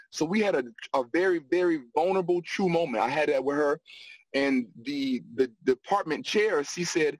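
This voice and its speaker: Middle aged guy telling his story all hyped, stumbles and repeats, bit high voice. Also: normal speed, no echo, rough recording. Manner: lively, repeats words as he gathers thoughts. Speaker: guest on a discussion panel. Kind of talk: animated personal storytelling.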